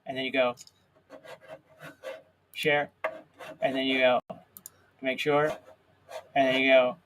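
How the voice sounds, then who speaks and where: A man's voice: mid-range voice, level tone, slow pace, a bit bright, muffled recording, slight background noise. A man co-hosting a live stream, chatting in a playful, rambling, jokey way. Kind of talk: casual comedic chat.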